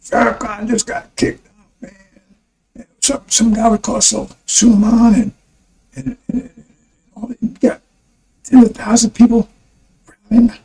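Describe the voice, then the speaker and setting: A man with a high-pitched but dark, mellow voice delivers a rambling broadcast sermon. He talks emphatically, stumbling over and repeating words as he presses his point to his listeners. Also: little pitch movement, measured pace, creaky, pauses often, low-quality recording. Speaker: preacher.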